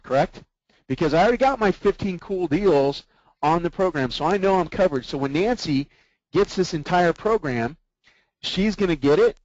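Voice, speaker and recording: A man's voice: a little high, a little mellow, no room sound, muffled recording. Man coaching a sales team by webinar. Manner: keeps checking in with the group through rhetorical questions. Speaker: sales trainer.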